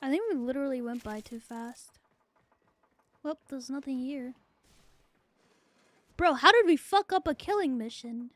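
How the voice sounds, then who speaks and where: A woman's voice: sits high, unhurried, pauses often. A young woman streaming a game, chatting casually, swearing freely and laughing often. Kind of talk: casual gaming stream chat.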